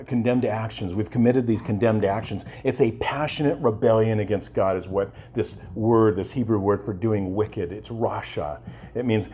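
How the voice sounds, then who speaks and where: This male pastor speaks low and dark, with a little hiss or hum on the recording. He delivers his sermon with passion, repeating himself, restarting lines, and calling out "amen?" to the congregation.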